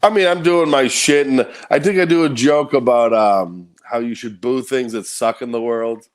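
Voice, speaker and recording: A stand-up comedian man guesting on a podcast over a video call. He talks in a relaxed, casual way with easy swearing and frequent laughter, and his voice sits at an ordinary male pitch. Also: moderate pace. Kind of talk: casual chat.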